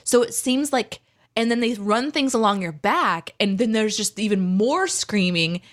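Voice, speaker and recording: A woman's voice: a little high, moderate pace. A woman in her thirties, co-hosting a casual chat and telling stories with acted-out quotes. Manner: animated storyteller, acts out quotes. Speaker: co-host reading chat.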